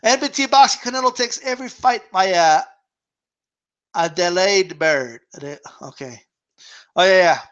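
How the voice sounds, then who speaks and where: High-voiced, laughing boxing stream host. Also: male voice, a little slow, long pauses, fairly bright tone, highs cut off. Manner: laughs often, slangy, swears casually. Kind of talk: casual chat reading viewer questions.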